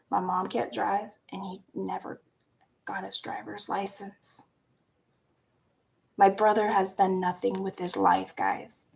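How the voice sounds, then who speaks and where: A woman's voice: mid-range voice, vocal fry. A young woman, telling a personal story in a candid, rambling way, with swearing and laughter. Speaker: vlogger.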